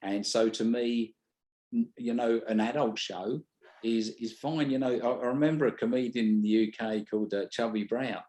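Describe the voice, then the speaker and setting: Brief: British-accented stage hypnotist, mid-pitched, blunt and chatty. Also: male voice, fairly even intonation, moderate pace, a little mellow. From Britain. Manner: blunt, swears freely, restarts mid-sentence. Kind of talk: casual interview chat.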